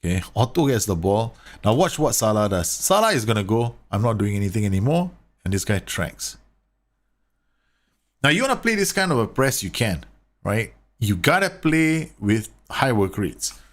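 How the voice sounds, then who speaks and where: A gaming YouTuber with a lowish voice and big pitch swings talks at normal speed. He offers casual, chatty commentary on football management game tactics, addressing his viewers directly and laughing at his own slip-ups.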